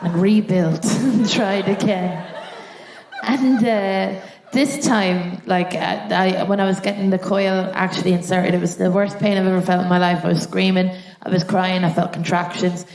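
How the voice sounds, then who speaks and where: A woman's voice: lowish voice, normal speed, vocal fry, few pauses. Irish woman doing stand-up in a roomy theatre. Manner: animated storytelling with acted-out voices. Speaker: stand-up comedian. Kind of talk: live stand-up set. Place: theatre stage before a live audience. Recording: roomy live theatre sound.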